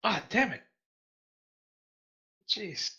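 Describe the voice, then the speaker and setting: A man's voice: high voice, extremely slow. A man playing a tabletop game over voice chat, often apologizing for his mistakes. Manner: apologetic, self-deprecating, excitable. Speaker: player.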